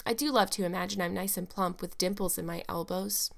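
Woman reading storybook orphan girl, eleven, clear sweet voice, eager rambling chatter. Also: lowish voice, fairly even intonation, fairly quick.

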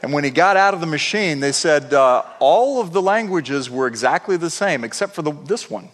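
A male pastor delivering a sermon with a lively, rising and falling voice, pushing hard on his points and doubling back on words. His voice sits a little high for a man. It rings with the long reverb of a large hall. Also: normal speed. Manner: animated preaching, repeats words for emphasis. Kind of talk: sermon storytelling.

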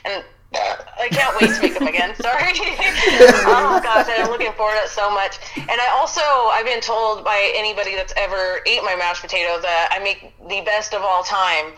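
A woman chatting as a guest, excitable and quick to laugh, swearing freely. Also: mid-range voice, rough recording. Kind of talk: casual chat.

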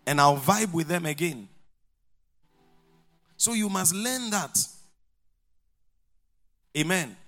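Animated preacher, high voice. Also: male voice. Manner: animated storytelling, acting out dialogue, laughing along. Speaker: pastor. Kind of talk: sermon.

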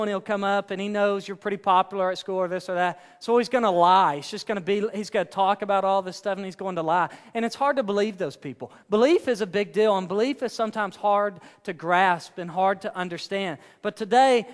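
A young man, a youth pastor, giving a casual, joking sermon in a church room, telling stories with quick asides. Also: sits high. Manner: chatty storyteller, quick asides and jokes. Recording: echoey hall.

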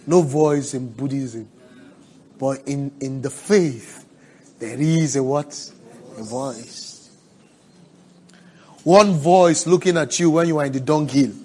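A man preaching a sermon, asking the congregation for responses and swinging from hushed, drawn-out words to loud cries. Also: medium pitch, slight background noise. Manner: preaching with call-and-response, swelling to shouts.

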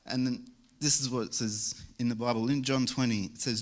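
Bright-voiced man preaching casually. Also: medium pitch, fairly even intonation, a little fast. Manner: casual, joking preaching with laughs. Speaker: lay preacher. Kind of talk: sermon. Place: church service.

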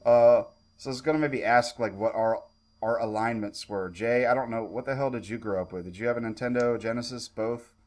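A man's voice: mid-range voice, brisk, a little mellow. A man co-hosting a casual chat, talking in a rambling way with lots of fillers and the odd curse. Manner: rambling, profane, with many fillers. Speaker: podcast co-host.

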